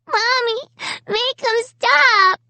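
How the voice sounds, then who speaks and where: A woman's voice: very high-pitched, very slow, pushed and bright, no echo, pitched above the performer's own voice, exaggerated voice. A sobbing three-year-old girl. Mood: wailing. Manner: wailing, sobbing pleas.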